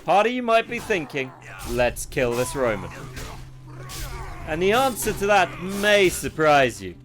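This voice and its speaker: A man's voice: a little high, big pitch swings, measured pace, a bit bright, faint music behind. A man streaming a game, giving casual, sarcastic commentary and swearing freely as he plays.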